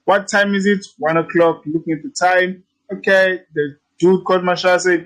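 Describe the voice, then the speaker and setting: A man's voice: sits high, steady tone, moderate pace, fairly bright tone, poor audio. A man teaching trading in a casual walkthrough, brash and teasing, repeating his points and swearing freely. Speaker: trading instructor. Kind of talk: casual screen-share tutorial.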